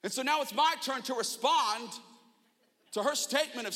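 A young man preaching a sermon, telling a funny personal story with self-mocking animation and shouted asides in a church auditorium. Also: very high voice, animated, normal speed. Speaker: pastor. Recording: long hall reverb.

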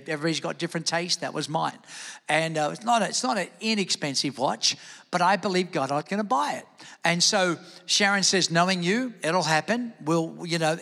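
A man preaching a lively sermon to his church, calling on the congregation to shout back. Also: high-pitched, in a large hall. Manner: energetic preaching, calls on the crowd to shout back. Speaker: pastor. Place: large church service.

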